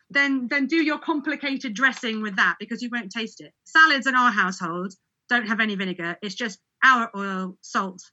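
A woman's voice: medium pitch, normal speed, bright, forceful tone, lo-fi sound. A woman from Britain chatting casually about cooking with olive oil, laughing often and restarting sentences. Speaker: olive oil expert guest. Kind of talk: casual conversational interview.

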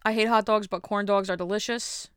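A chatty woman hosts her podcast alone and rambles in a self-mocking way. Her voice is smooth and clear. The sound is close and dry. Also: medium pitch, steady tone, a little fast, no room sound. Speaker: podcast host. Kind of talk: casual solo monologue.

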